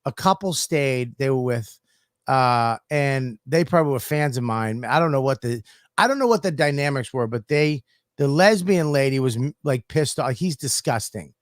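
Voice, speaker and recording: A man's voice: mid-range voice, expressive, normal speed, no echo, clean studio sound. A man, a comedian co-hosting a podcast, telling rambling, profane stories in casual chat.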